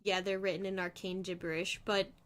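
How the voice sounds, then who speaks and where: A woman's voice: mid-range voice, flat delivery, fairly quick. A woman co-hosting a livestream, chatting casually and analytically about a show, with easy laughs. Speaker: stream co-host. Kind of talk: casual reaction chat.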